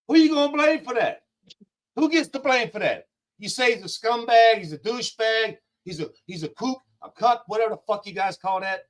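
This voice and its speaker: A man calling in as a guest, delivering a blunt, profane rant with rapid-fire jabs. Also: high-pitched, fairly bright tone, poor audio. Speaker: call-in guest.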